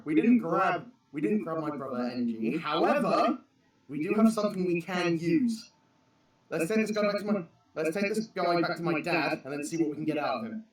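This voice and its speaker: A man playing a tabletop game, eager and quick to suggest plans. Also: on the high side, heavy reverb, recorded from a distance, poor audio. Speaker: player.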